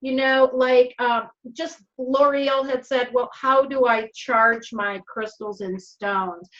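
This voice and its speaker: A woman's voice: a little high, steady tone, slow pace, a bit bright. A woman with a Minnesotan accent hosting a live stream, chatting in an upbeat, rambling way over a video call. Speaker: host. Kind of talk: casual live-stream chat. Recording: dull video-call audio.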